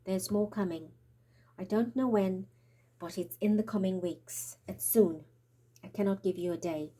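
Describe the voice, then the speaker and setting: In a spiritual tarot reading monologue, a woman with a medium-pitched, dark-toned voice speaks a little slowly. Her delivery is urgent and prophetic, breathless and trembling, and now and then she sinks into a whisper.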